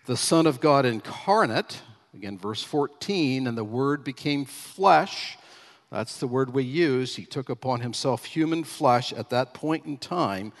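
A man's voice: mid-range voice, lively intonation, a little slow. Male pastor preaching, emphatic, leans on key phrases, long hall reverb. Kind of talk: sermon.

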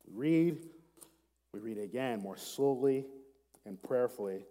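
A man preaching a sermon as a pastor, earnest and self-deprecating, reading scripture slowly and prayerfully. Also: mid-range voice, animated, dark tone. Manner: earnest, laughs at himself, slows down to read prayerfully. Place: church sanctuary with seat backs. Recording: long hall reverb.

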